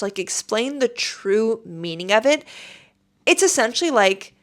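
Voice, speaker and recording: A woman's voice: fairly high pitch, normal speed. A woman hosting her podcast at home, telling a story in a casual, emphatic, exasperated way. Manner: animated, emphatic, exasperated retelling. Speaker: podcast host.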